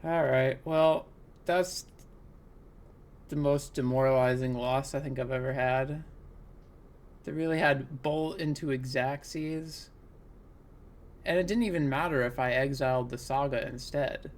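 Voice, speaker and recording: A man's voice: medium pitch, steady tone, unhurried, pauses often. Man narrating his card game play. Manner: talks through plays, exasperated, laughing groans. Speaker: gaming content creator. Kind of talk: live gameplay commentary.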